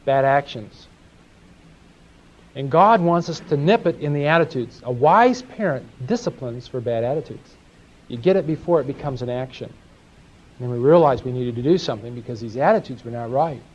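A man's voice: medium pitch, expressive, normal speed, darkish tone. A man teaching a sermon, telling folksy stories and asking his audience questions. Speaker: Bible teacher. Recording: dull lo-fi live recording.

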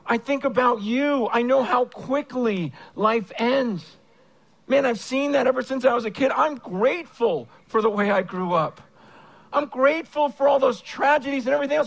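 A man in his fifties preaching a personal testimony on stage, earnest, with stammering restarts, swinging between hushed and fervent. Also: high-pitched, vocal fry, poor audio. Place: stage before a large audience.

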